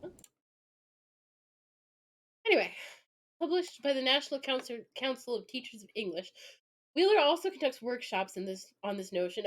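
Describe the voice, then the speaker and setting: A woman streamer reading an academic article aloud and commenting on it in a casual, animated way, often breaking into laughter and mock outrage. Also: fairly high pitch, normal speed, pauses often. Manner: casual, full of likes and you-knows.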